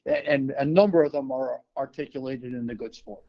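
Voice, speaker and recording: An older man from New York telling a personal story as an interview guest, relaxed, with many fillers and restarts. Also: medium pitch, normal speed, dull audio.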